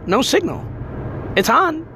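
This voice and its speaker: A woman's voice: high-pitched, sing-song, measured pace, background noise, voice pushed up. A man voicing a confused young woman who does not know she has died, speaking in a bewildered, insistent way.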